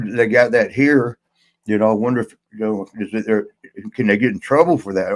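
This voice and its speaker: A man hosting a podcast, telling a rambling story in a casual, halting way and chuckling as he goes. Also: mid-range voice, low-quality recording. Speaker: podcast host.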